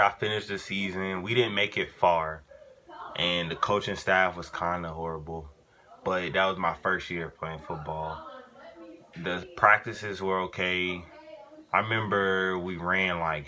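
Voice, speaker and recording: Young dude low voice, cussing and laid-back, storytime vibe, faint noise. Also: male voice, sharp tone. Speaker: vlogger. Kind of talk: casual storytime.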